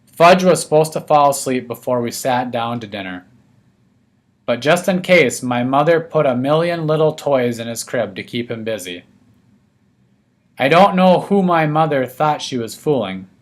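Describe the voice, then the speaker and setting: A man giving a first-person narration of a children's story aloud, told from a young boy's point of view. His delivery stays steady and scripted throughout. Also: mid-range voice. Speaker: audiobook reader.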